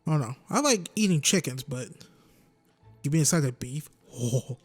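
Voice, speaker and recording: A man's voice: on the high side, expressive, moderate pace, soft background music. A man in his twenties rambling and joking as he commentates a video game. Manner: rambling, joking, talks to himself. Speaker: gaming YouTuber.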